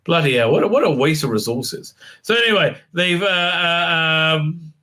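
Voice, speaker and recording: Rambling sarcastic man with a bright voice. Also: on the high side, normal speed. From Israel. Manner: rambling, many fillers and restarts, sarcastic. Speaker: TV show reviewer. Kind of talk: casual recap with mocking impressions.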